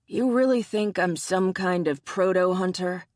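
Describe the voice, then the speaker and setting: Narrator voicing a blunt, stubborn young bear shifter. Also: male voice, sits high, measured pace, no room sound, studio quality. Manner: blunt, defensive, swears.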